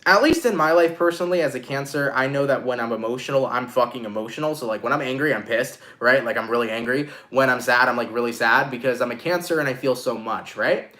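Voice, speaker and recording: A man giving a casual live-streamed tarot reading, expressive and swearing freely as he talks to viewers. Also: medium pitch, quick pace, hardly any pauses. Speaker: tarot reader.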